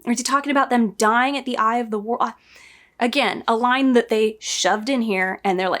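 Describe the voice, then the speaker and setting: A woman's voice: a little high, fairly even intonation, a little fast. A woman casually reviewing a show against the book, sarcastic and exasperated as she reacts.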